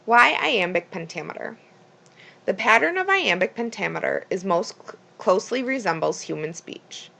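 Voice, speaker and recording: A woman's voice: on the low side, vocal fry, bright, forceful tone. A woman reading a prepared school presentation plainly from her notes, with small slips and restarts.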